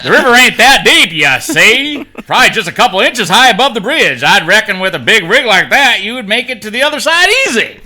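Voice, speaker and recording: Host doing a backwoods hillbilly, put-on Southern drawl, high and loud, bright. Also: male voice, big pitch swings, fairly quick, few pauses, full character voice. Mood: folksy. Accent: put-on rural Southern drawl. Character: drawling male hillbilly on a porch.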